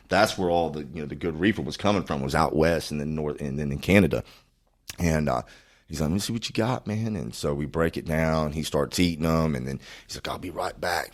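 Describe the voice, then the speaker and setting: A man from Florida with an extremely deep voice. He is a podcast guest telling a long story in casual chat. His talk is laid-back, rambling and full of cursing.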